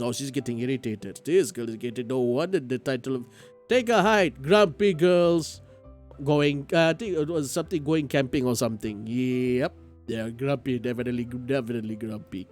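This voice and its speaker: A man's voice: mid-range voice, normal speed, darkish tone, faint music behind. A man streaming a visual novel game live, chatting and laughing with viewers and tripping over his words. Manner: chatty, laughing, stammering restarts.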